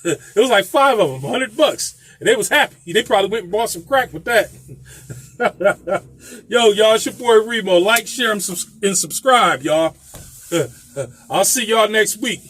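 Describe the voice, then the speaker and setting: A man's voice: sits high, expressive, measured pace, a bit bright, husky. A man casually telling a profane story, laughing often. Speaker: vlogger telling a landlord story.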